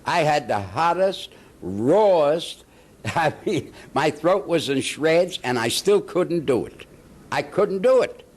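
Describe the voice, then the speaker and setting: A man's voice: fairly high pitch, takes it slowly. An older man, an actor telling stories in a casual interview and acting out the quotes with laughs. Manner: animated anecdotes with laughs and acted-out quotes.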